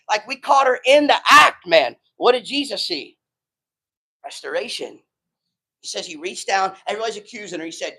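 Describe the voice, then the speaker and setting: A man's voice: sits high, animated, fairly quick, a bit bright, husky, rough recording. A man preaching a sermon in a loose, slangy way, retelling stories with quoted voices. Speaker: pastor.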